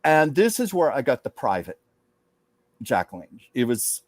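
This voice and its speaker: A man's voice: medium pitch, big pitch swings, no room sound. A man hosting a psychic show, talking earnestly and casually about a channeled message. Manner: earnest, heartfelt, slows down to read aloud. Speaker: psychic medium and host.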